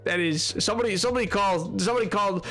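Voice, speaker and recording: A young man streaming a game, chatting casually, joking and rambling, and greeting viewers with excited shouts as he reads chat. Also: high voice, racing, faint music behind. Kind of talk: casual livestream chat, reading chat aloud.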